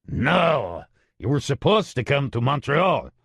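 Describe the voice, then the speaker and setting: A man voicing a gruff, gravelly mob contact in an audiobook, curt and impatient. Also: medium pitch, sing-song, measured pace, a bit bright, no echo, clean studio sound, voice pushed up, exaggerated voice. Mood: incredulous.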